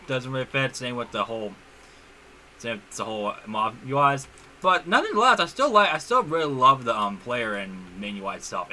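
A young man doing casual gameplay commentary as a YouTuber, excitable, with frequent stumbles and restarts. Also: medium pitch, a little hiss or hum. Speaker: gaming YouTuber.

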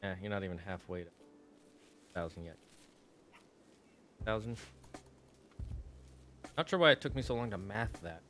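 A man's voice: on the low side, animated, rapid-fire, few pauses, fairly bright tone, slight background noise. A man chatting playfully with his viewers while streaming a game. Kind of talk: casual live-stream chat while gaming.

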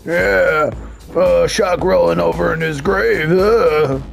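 A man with a high, gravelly voice reacts to a game video in crude commentary. He talks slowly, mocks and curses freely, and breaks into laughter often. Faint music plays under him. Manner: profane, mocking, laughing often.

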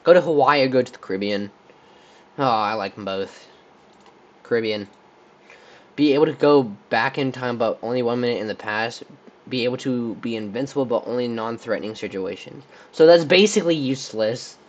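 A man's voice: medium pitch, brisk, lo-fi sound. A young man from Texas playing a would-you-rather game on his channel, thinking aloud and rambling with lots of fillers and restarts. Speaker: channel host. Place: room with a squeaky chair.

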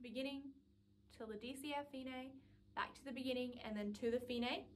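A woman's voice: high voice, fairly quick, a little hiss or hum. A woman music teacher giving a saxophone lesson, patiently explaining each step and counting out rhythms aloud.

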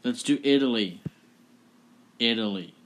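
A man with a mid-range voice hosts a casual vlog, unhurriedly introducing each clip in a chatty, offhand way and laughing at the results. Slight background noise can be heard.

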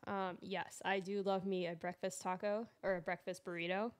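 A woman chatting on a live stream in a relaxed way, walking through recipes step by step with plenty of "uh"s. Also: mid-range voice, normal speed, clean tone, no echo. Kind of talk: casual chat on a live stream. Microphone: quiet desk mic on an online stream.

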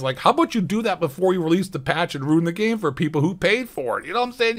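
Fast-ranting, sarcastic young man. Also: on the high side, lively intonation, vocal fry. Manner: sarcastic, profane and exasperated. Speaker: gaming commentary host. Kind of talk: ranting gaming commentary.

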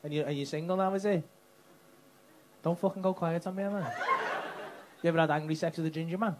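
A man's voice: a little high, fairly even intonation, brisk. A man doing cheeky, crude crowd work on a comedy club stage. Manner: cheeky, crude banter with the audience. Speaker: stand-up comedian. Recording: live club with loud crowd and noise. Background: loud crowd laughter.

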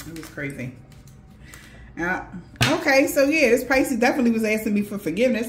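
A woman's voice: a little high, animated, a little fast, background noise. A woman intuitive reader telling a dream story in a casual, profane way, with laughing asides. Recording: roomy echo.

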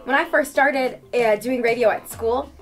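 A woman's voice: fairly high pitch, normal speed, soft background music. A young woman who co-hosts a radio morning show, explaining her work in a friendly, plain way inside a studio. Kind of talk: casual explaining chat.

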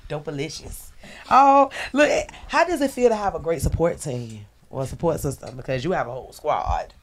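A woman hosting a podcast interview in a lively, joking way, teasing and calling out to people around the room. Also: low voice, normal speed. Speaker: podcast host. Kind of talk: lively casual interview banter.

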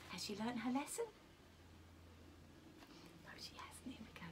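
A woman teacher reading a picture book to children, animated, asking them questions and often dropping to a whisper. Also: on the high side, measured pace.

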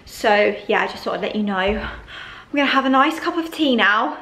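A woman's voice: on the high side, expressive, moderate pace, bright, forceful tone, low-quality recording. A young woman vlogging casually, chatty and gushing, with lots of fillers and a little out of breath. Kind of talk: casual vlog chat to camera.

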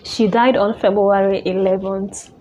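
A woman telling a personal story in a halting, emotional way, full of restarts. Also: medium pitch, fairly even intonation, darkish tone, a little hiss or hum. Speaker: vlogger.

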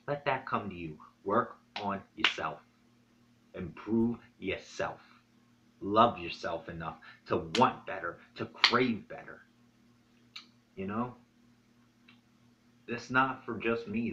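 Vlogger, male, lowish voice, earnest profane monologue, dull lo-fi sound with a faint hum. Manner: earnest, profane, preachy pep talk. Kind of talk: direct-to-camera vlog monologue.

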